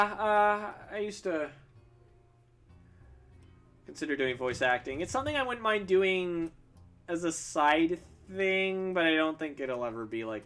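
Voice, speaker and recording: A man's voice: a little high, bright, forceful tone. A young man, a streaming artist, chatting casually and rambling while he draws. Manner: chatty, rambling, self-interrupting.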